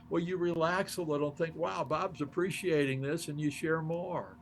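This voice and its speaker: An older man speaks as an interview guest, telling stories with plenty of energy and acting out the lines he quotes. His voice sits a little high for a man. Faint room noise hums quietly behind him. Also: steady tone, normal speed, few pauses. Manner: enthusiastic, acts out quoted dialogue, laughs often. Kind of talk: animated storytelling in conversation.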